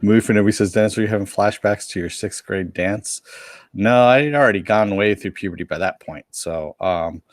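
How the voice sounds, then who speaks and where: Low-voiced man rambling through a story. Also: a little fast, no room sound, clean studio sound. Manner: rambling storyteller with frequent restarts, joking and self-mocking. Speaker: podcast co-host reporting on a convention. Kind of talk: casual live-stream chat.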